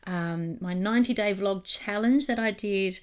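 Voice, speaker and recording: A woman's voice: medium pitch, measured pace. Chatty Australian woman hosting a podcast. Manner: upbeat, chatty, many ums. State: a little nervous. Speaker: podcast host, psychologist. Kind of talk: casual monologue, podcast intro. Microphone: streamed live while recording audio.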